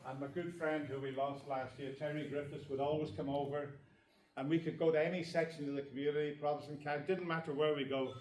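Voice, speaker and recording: A man's voice: a little high, little pitch movement, fast talker, darkish tone, slight background noise. An older man with a Northern Irish accent, joking and telling stories to an audience while performing snooker trick shots. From Northern Ireland. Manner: joking, chatty storyteller who laughs often. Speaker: snooker trick shot exhibitor. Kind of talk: live exhibition banter with the audience. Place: large echoey snooker hall with an audience. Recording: echoey hall, distant mic, crowd.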